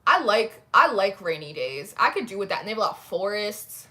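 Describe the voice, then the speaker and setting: A woman's voice: mid-range voice, sing-song, brisk, sharp tone. A young woman hosting a casual tarot livestream, chatting and reacting to viewer comments, with a lot of "like" in her talk. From New Jersey, USA. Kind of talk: casual chat reading live comments.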